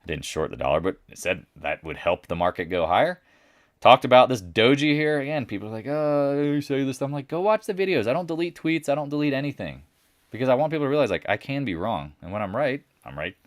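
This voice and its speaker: Low-voiced guy doing live stock chat, blunt and cocky, dry close sound. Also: animated, fast, no room sound. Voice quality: mimics others in a higher, louder voice when quoting them. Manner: blunt, brash, swings from loud to muttered asides. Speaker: market commentator.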